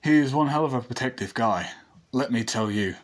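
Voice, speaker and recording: A man's voice: medium pitch, brisk, natural voice. Man voicing a laid-back blind teenage boy. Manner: rambling, laid-back, self-correcting. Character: blind teenage boy, easygoing, fond of his friend.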